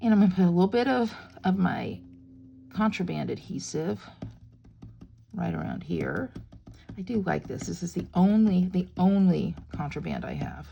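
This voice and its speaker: A middle-aged woman talks viewers through a craft project in a casual, joking way. Her pitch swings up and down freely, and her voice has a gravelly edge. A faint hiss sits behind her. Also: very animated, moderate pace, muffled recording. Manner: chatty and playful, jokes with viewers. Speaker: crafting tutorial host.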